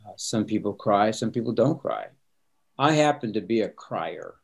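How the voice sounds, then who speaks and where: An older man who serves as a pastor talks in a low, settled voice. He is earnest and open about emotion, and a light laugh comes easily to him. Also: lively intonation, moderate pace, slightly rough. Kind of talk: candid interview talk.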